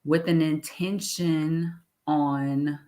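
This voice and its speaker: A woman talking in a casual interview, animated, laughing often and repeating her phrases. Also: low-pitched, very slow. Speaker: guest, executive director.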